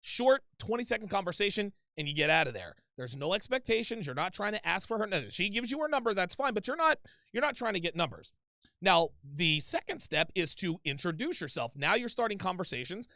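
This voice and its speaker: Blunt, profane host with a high gravelly voice. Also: male voice, sing-song, a little fast, sharp tone, dry recording, studio quality. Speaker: host taking calls. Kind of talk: call-in advice show.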